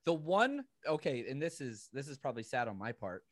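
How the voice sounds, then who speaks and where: A man from the Southern United States co-hosting a podcast in casual chat, ranting with animated laughs. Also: mid-range voice, a little fast, no echo, clean studio sound. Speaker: podcast co-host.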